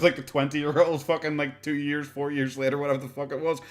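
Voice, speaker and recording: A man's voice: fairly high pitch, steady tone, fast, hardly any pauses. A man with an Irish accent giving casual, sarcastic reaction commentary on a video, swearing often and laughing between remarks.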